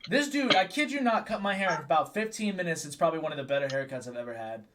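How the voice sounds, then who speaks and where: A man's voice: on the high side, quick pace. A man hosting a podcast, telling stories in casual chat with frequent laughs. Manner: animated storytelling, laughs often. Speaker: podcast host.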